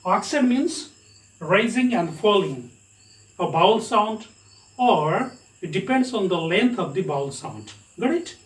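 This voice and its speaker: A man's voice: high-pitched, expressive, a little slow. A man with an Indian English accent teaching an English lesson. He spells words out letter by letter and checks with his students as he goes. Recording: echoey room, mic at a distance.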